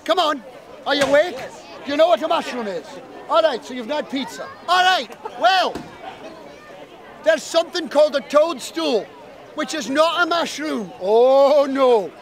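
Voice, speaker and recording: High-voiced man telling a folk tale. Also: a little slow, a faint crowd. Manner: animated, teasing asides. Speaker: storyteller. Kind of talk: live oral storytelling to an audience. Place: outdoor event.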